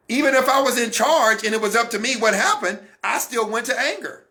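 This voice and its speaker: Man, high voice, emphatic Christian teaching talk, repeats key phrases. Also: animated, fairly quick, bright, forceful tone. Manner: emphatic, repetitive, coaching the listeners. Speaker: broadcast minister.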